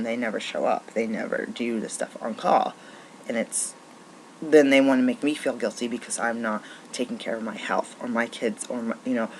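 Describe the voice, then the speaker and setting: A woman's voice: rumbling low, slight background noise, poor audio. Frustrated woman venting. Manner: frustrated, rambling, many restarts. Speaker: naturopathic doctor. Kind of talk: venting monologue.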